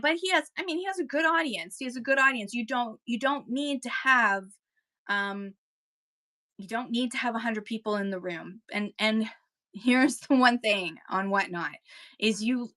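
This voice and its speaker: Woman, Kentucky accent, live-stream host, casual rambling talk, bright tone. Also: on the high side, normal speed. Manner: chatty, rambling, with mock auctioneer patter. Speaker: host giving seller tips.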